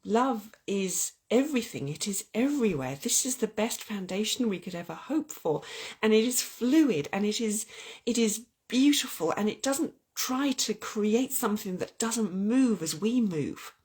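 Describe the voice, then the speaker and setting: A woman's voice: mid-range voice, animated, a little slow, a little mellow, husky. A woman hosting an earnest, heartfelt spiritual chat about love and oracle cards, often restarting her sentences. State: getting weepy. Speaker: spiritual channel host.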